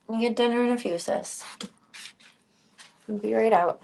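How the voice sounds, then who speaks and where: A woman streamer chatting casually at home, rambling and cooing softly at her pets. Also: a little high, unhurried, vocal fry, pauses often, a little hiss or hum. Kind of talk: casual chat.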